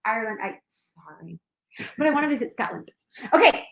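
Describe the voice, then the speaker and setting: A woman chatting casually on a livestream, bubbly and excitable, talking straight to viewers. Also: a little high, brisk, vocal fry. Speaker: co-host. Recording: echoey room.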